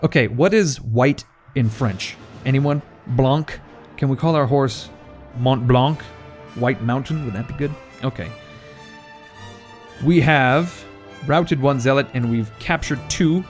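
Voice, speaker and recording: A man's voice: medium pitch, slow pace, faint music behind. A man giving casual let's play commentary as a gaming channel host, joking with wry asides and chuckles.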